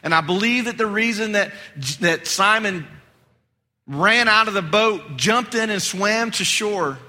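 A man preaching a sermon as pastor, animated and rising high and loud for emphasis. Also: measured pace. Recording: long hall reverb.

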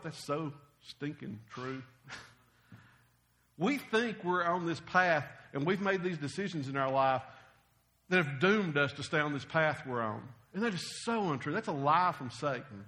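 Animated folksy preacher, high bright voice. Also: male voice. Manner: folksy, animated storytelling with humor. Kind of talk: sermon.

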